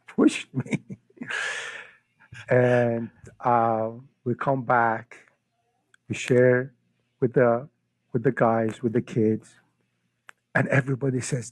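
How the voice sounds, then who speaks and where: A man's voice: mid-range voice, no room sound, low-quality recording. A middle-aged man from Iran, a podcast guest giving an emotional personal faith testimony, often repeating his words as he tells it. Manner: earnest, emotional storytelling with frequent word repeats.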